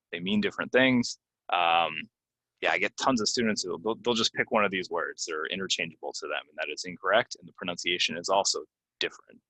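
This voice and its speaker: A young man teaching English pronunciation in a casual spoken lesson, slowing down to model stressed words, with frequent ums. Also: sits low, bright, forceful tone, no room sound. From United States.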